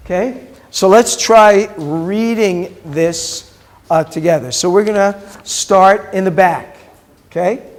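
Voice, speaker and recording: High-voiced rabbi teaching slowly. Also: male voice. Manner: patient, drills vocabulary and explains pronunciation step by step. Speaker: rabbi teaching a Hebrew class. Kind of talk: classroom teaching.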